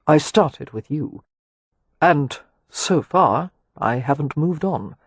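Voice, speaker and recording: Brief: a man playing a husky, teasing suitor in a romance audiobook, low and intimate. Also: expressive, slow, no room sound, exaggerated voice. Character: teasing, ardent gentleman, wry and seductive. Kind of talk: audiobook dialogue.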